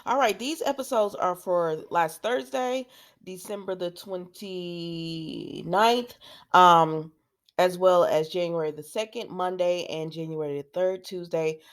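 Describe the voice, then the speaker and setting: A woman's voice: on the low side, unhurried. A woman hosting a casual soap opera recap, chatting through the episodes with asides to her viewers.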